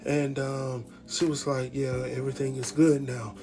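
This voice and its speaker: A man's voice: mid-range voice, level tone, moderate pace, warm tone. A man with recapping a TV episode in casual commentary, acting out the quotes and laughing often. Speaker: TV recap host.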